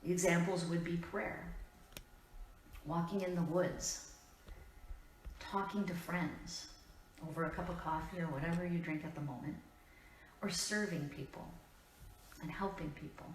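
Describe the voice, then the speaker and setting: A woman's voice: on the low side, fairly even intonation, far from the mic, slight background noise. Woman preaching in an echoey church. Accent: Upper Midwest American. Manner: measured, earnest delivery with deliberate pauses. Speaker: pastor. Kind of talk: sermon. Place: church sanctuary. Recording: echoey church room, voice from afar.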